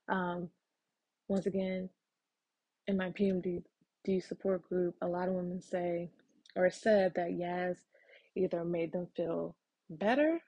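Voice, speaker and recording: A woman's voice: medium pitch, mellow, no echo. A woman hosting a casual solo podcast, talking frankly with lots of ums and casual swearing. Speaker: podcast host.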